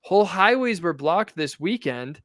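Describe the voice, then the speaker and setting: A man co-hosting a political commentary chat, his voice smooth and clean. He speaks a little high for a man and comes in with emphatic, indignant outbursts. The sound is dry and close, with no room in it. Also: sing-song, moderate pace, fairly bright tone, no echo. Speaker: podcast host.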